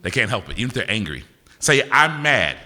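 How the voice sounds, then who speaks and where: Low-voiced poet guy teasing the crowd, super animated, lots of echo from the big hall. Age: older adult. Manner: teasing, quick-witted, asks audience names. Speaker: poet performing live. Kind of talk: playful crowd banter between poems. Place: university concert venue with audience. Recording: live hall recording with long reverb.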